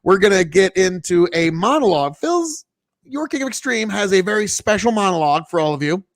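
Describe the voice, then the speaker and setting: Gravelly high-voiced cussing podcast host. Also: male voice, no echo, clean studio sound. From Nebraska. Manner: profane, rambling storyteller. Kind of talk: casual chat.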